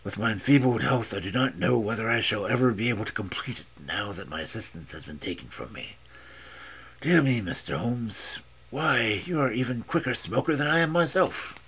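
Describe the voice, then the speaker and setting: A man's voice: fairly low pitch, animated, normal speed, fairly bright tone, husky, voice pushed down. A man voicing an elderly invalid scholar who speaks in a precise, mincing, plaintive way. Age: older. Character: elderly male invalid scholar, chain-smoking, fussy.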